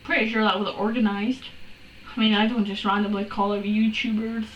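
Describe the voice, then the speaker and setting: A woman's voice: medium pitch, flat delivery, a little fast, highs cut off. A woman reading a story aloud for laughs, breaking off with exasperated, sarcastic asides and swearing. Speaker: fanfiction reader. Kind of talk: comedic dramatic reading with commentary. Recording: roomy room, distant from mic, faint hiss.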